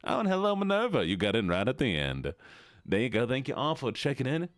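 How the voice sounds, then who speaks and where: A man's voice: lowish voice, big pitch swings, fairly quick, dry recording, clean studio sound. A tired but playful man streaming live, greeting his chat one by one. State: a bit tired. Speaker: livestreamer.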